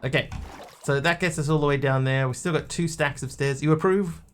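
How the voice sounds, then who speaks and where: A man's voice: fairly high pitch, steady tone, a little fast, slight background noise. A man streaming a video game live, rambling, telling jokes and talking to his chat. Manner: rambling, joking, talks to chat.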